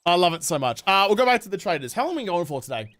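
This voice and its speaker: Aussie streamer dude, high voice, sounds wrecked and tired, keeps cracking jokes. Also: male voice, sing-song, very fast, fairly bright tone. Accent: Australian. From Australia. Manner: chatty, jokey, self-mocking. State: tired, worn voice. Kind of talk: casual live-stream chat.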